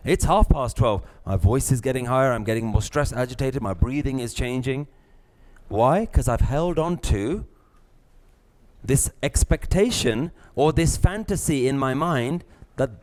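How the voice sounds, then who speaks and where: A middle-aged man, teaching a live class, lively, acting out little scenes and laughing often. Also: mid-range voice, normal speed. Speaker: spiritual teacher.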